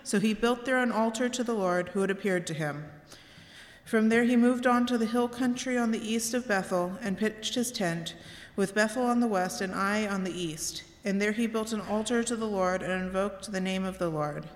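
Female scripture reader, measured and steady, roomy church with long reverb. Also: mid-range voice. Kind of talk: scripture reading. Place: church sanctuary.

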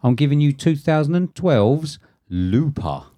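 A man's voice: fairly high pitch, very animated, a little slow, warm tone, no room sound, studio quality. A man, co-hosting a casual film chat in a jokey, sweary way. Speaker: podcast co-host.

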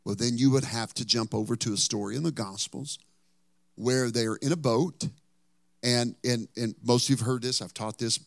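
A male pastor preaching a sermon, telling Bible stories dramatically and rising to loud bursts. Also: mid-range voice, no room sound.

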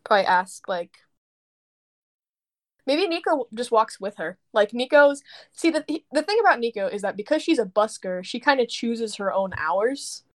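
A woman's voice: fairly high pitch, lively intonation, normal speed. A woman playing a tabletop role-playing game, hesitant and giggly, full of fillers. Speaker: player. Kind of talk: tabletop role-play, in and out of character.

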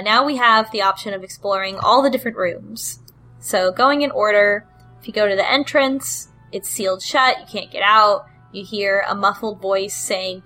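Bright-voiced rambling woman podcaster. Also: medium pitch, rough recording. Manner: rambling, hesitant, with frequent ums and laughs; cheeky and irreverent. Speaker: podcast host recapping a game. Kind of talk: casual chat.

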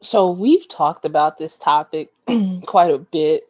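Low-voiced young woman, teasing podcast host. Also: takes it slowly, a little mellow, husky, no echo. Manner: teasing, emphatic, repeats herself. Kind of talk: casual sports chat.

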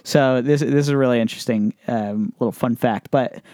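A young man with a mid-range voice, recorded dry and close in his apartment. He explains fun facts in a halting way, full of ums and restarts. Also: mid-range voice, dark tone, no room sound. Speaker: podcast co-host. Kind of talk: casual chat.

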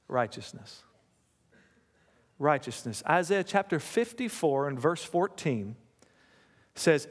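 A man's voice: fairly high pitch, long reverb tail. A man preaching a sermon in a church, talking conversationally, coaxing the congregation and repeating key lines.

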